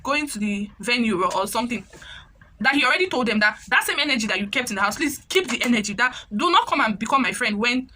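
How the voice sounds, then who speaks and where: A young woman with a Nigerian accent, casually recapping a reality show with animated, chatty storytelling. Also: fairly high pitch, fast talker. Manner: animated, chatty, slips into pidgin when quoting.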